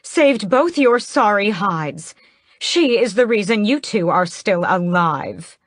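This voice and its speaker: Lady doing a dramatic vampire mom, high and loud, big emotional swings, dry close sound. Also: takes it slowly, dry recording. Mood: grand, haughty. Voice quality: dramatic, theatrical. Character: grand, manipulative vampire mother, woman. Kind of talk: audiobook character voice.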